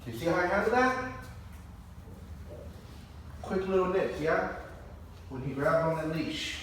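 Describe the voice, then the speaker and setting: Man, dog trainer, calm steady explaining, slightly high voice, distant, echoey. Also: measured pace, long pauses, slight background noise. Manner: calm explaining, with bursts of high-pitched praise. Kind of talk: live training demonstration. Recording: echoey, distant camera mic.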